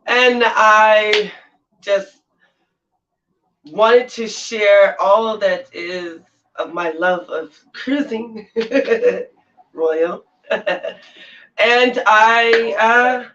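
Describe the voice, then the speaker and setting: A man's voice: high-pitched, drawn-out words, pauses often, pushed and bright. A man hosting a casual live stream from his bedroom, giggly and effusive, laughing often. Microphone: laptop mic at a distance. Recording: dull sound from a distant laptop mic.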